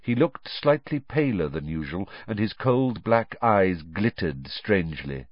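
Expressive male storybook narrator, muffled. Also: sits low, measured pace, no room sound. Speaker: audiobook narrator. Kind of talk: scripted narration. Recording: dull lo-fi recording.

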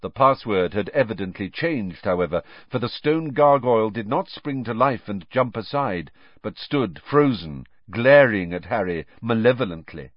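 A man's voice: fairly low pitch, expressive, normal speed, no echo. A man reading a novel aloud as an audiobook narrator, with dramatic storytelling. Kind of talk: scripted narration. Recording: dull dry recording.

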